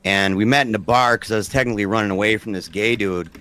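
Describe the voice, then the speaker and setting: A man in his forties, appearing as a podcast guest, tells stories in a casual conversation and animatedly acts out the dialogue he quotes. He talks fast in a lowish, smooth voice that sounds pushed and bright.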